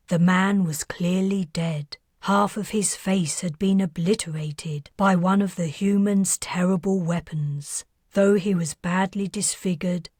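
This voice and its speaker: Slow, husky woman narrating an audiobook. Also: fairly low pitch, no room sound, studio quality. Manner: calm, measured storytelling. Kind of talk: scripted narration.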